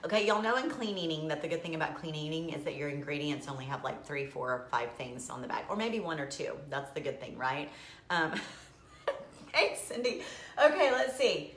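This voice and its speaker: A woman chatting casually to viewers on a live video, emotional and quick to laugh. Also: sits low, lively intonation, a bit bright. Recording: echoey room.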